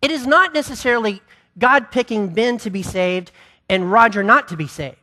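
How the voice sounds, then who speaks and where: Male pastor, bright voice, passionate sermon delivery. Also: sits high, normal speed. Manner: impassioned preaching, then quieter and conversational.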